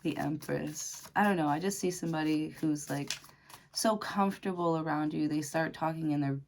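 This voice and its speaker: A woman's voice: sits low, normal speed, gravelly, a little hiss or hum. A woman doing a casual tarot reading to camera, chatty and laughing often, with lots of fillers. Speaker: tarot reader.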